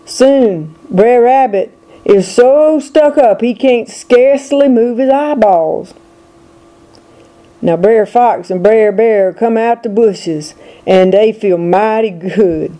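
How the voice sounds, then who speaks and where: An older woman reads a folk tale aloud at a very slow, unhurried pace. Her voice is mellow and soft, and she leans into the rhythm of the old dialect. She reads it for her grandchildren. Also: mid-range voice. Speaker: storyteller reading to grandchildren.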